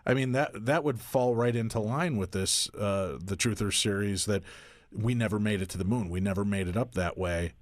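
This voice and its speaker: A man's voice: fairly low pitch, normal speed, no room sound. A man co-hosting a radio show, talking in a rambling, speculative and playful way. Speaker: radio co-host. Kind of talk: conversational radio talk.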